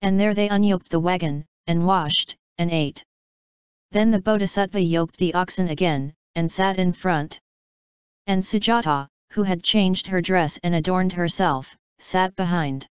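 A woman reading an old folk tale aloud in a measured, steady storytelling style. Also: fairly low pitch, clean tone, no room sound, dull audio. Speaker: narrator. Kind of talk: scripted storybook narration.

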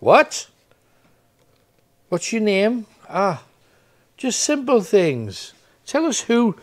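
A man's voice: sits high, wildly swooping pitch, drawn-out words, long pauses. A man hosting a ghost hunt, persistently calling out questions to spirits inside an old building at night. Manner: persistent, questioning, coaxing then demanding. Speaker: paranormal investigator host.

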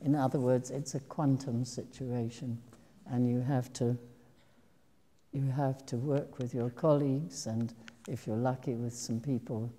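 An older woman with a low, very mellow voice tells career anecdotes to an audience. She takes her time, pausing on ums and breaking into soft laughs. Her voice carries a long reverb from a large hall. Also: fairly even intonation. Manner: slow and reflective, with frequent ums and soft laughs. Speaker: actress giving a talk.

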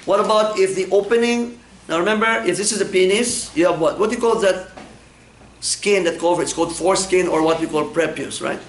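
Male lecturer, slightly high voice, teasing and quizzing the class, echoey room with faint noise. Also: brisk. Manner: humorous, asks the class questions and answers them. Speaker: medical lecturer. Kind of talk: classroom lecture with personal anecdotes.

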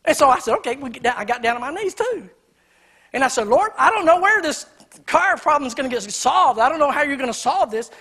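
Fervent high-voiced preacher. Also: male voice, lively intonation, quick pace. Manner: fervent preaching, loud and rising on emphasis, dropping to quiet storytelling. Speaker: pastor. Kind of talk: sermon. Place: church sanctuary.

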